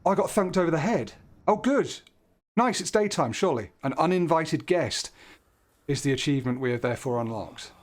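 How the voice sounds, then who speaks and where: Speaking at normal speed with a voice on the high side and lively intonation, this host narrates a horror game let's play. He cracks jokes, startles easily, and curses when something makes him jump.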